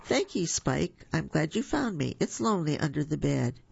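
A woman voicing a timid, nervous little male monster in a storybook reading, with a husky voice. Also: low-pitched, big pitch swings, normal speed, darkish tone, dull audio, exaggerated voice. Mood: relieved.

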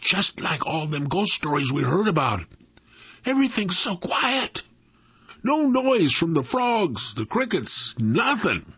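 A man voicing a frightened boy who tries to sound brave, with a high, urgent, breathless voice in a told story. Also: sing-song, takes it slowly, bright, forceful tone, breathy edge, dry recording, highs cut off, heavily acted. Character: scared boy trying to act brave.

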